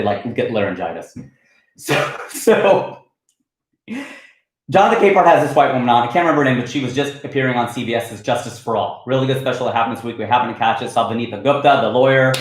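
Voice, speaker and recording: A comedian hosting his weekly livestream, riffing casually and reading out viewer comments in a lively, animated way. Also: medium pitch, echoey room, rough recording.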